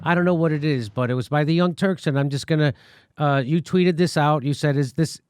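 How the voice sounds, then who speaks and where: A man hosting a political commentary show, talking in an animated, mocking and profane way. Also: fairly high pitch, brisk, clean tone, no echo, clean studio sound. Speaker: show host.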